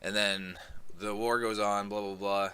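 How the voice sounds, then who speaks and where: A man casually recapping a comic book volume, rambling and filling gaps with "um" as he gets excited about the story. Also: on the low side, unhurried, clear, resonant tone. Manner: rambling, many "um"s, excitable retelling. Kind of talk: casual plot recap review.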